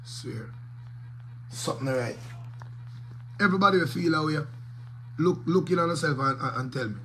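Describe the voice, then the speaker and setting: A man's voice: on the high side, moderate pace, a bit bright, slight background noise, poor audio. A man with a Jamaican accent, a DJ giving rambling commentary to his viewers in patois peppered with curses. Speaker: DJ and vlogger. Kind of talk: casual commentary to camera.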